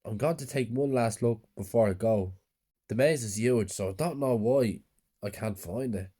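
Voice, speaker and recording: A man's voice: fairly low pitch, normal speed, dark tone, breathy edge. A man voicing a frightened, lonely young boy in a spoken horror story, in a pleading, tearful way. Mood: anxious.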